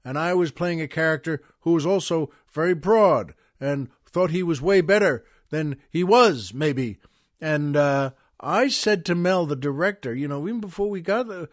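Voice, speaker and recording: A man's voice: a little high, no echo, clean studio sound. A man hosting a podcast, telling a long show-business story in a rambling way, with restarts, asides and chuckles. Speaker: podcast host. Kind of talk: casual anecdotal storytelling.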